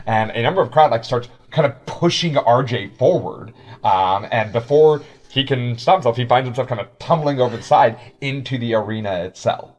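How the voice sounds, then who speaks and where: A man's voice: medium pitch, animated, moderate pace, darkish tone. A man narrating a tabletop game as game master, rambling with many fillers.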